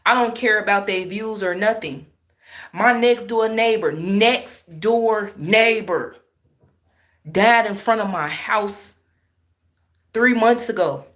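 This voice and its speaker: A woman's voice: medium pitch, slow, long pauses, a bit bright. A married woman telling viewers an upsetting story in an emphatic, emotional way, speaking straight to her audience. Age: adult, married. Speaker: vlogger.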